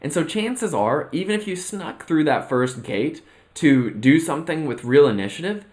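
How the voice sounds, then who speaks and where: In a motivational vlog, a man coaches on mental health with a fairly high, lively voice, a darkish tone, and a moderate pace. He speaks earnestly, often checking in with "right?" and "okay?", blending personal anecdotes with an extended analogy in a self-reflective monologue.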